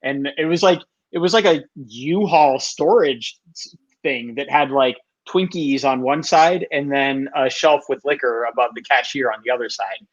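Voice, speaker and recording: A man's voice: mid-range voice, normal speed, lo-fi sound. A man telling a rambling, laugh-filled story in casual chat.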